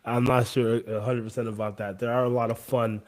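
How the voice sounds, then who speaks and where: A man co-hosting a casual chat over a video call, relaxed and thoughtful, stretching out his phrases. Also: medium pitch, a little fast. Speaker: co-host.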